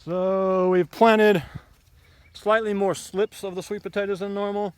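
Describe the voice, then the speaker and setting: A man's voice: sits high, flat delivery, unhurried, clean tone, no room sound. A man giving a casual, rambling tour of his garden outdoors. He is blunt and opinionated and fills his talk with ums and asides. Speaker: homesteading vlogger.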